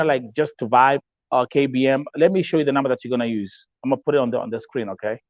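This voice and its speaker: On a muffled recording with no echo, a Kenyan man speaks fast at a medium pitch with fairly even intonation. Hosting a live-stream talk show in a Kenyan English accent, he talks emphatically, repeats himself, adds Swahili phrases, and reads viewer comments.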